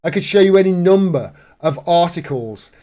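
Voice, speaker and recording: A man's voice: high-pitched, animated, moderate pace, warm tone. A man in casual commentary, reading out news articles and mocking them sarcastically, laughing as he goes. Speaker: political commentator.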